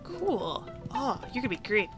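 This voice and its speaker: A young woman giving casual, excitable commentary over a video game, gushing and swearing freely. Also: on the high side, moderate pace, faint music behind. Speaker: gaming streamer. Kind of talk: casual let's-play commentary.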